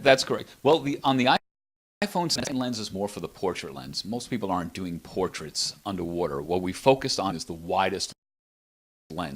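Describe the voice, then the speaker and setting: A man's voice: deep voice, fairly bright tone, slightly rough. A man, an inventor, talking casually and enthusiastically about his product in an interview, rambling with restarts, recorded in an apartment.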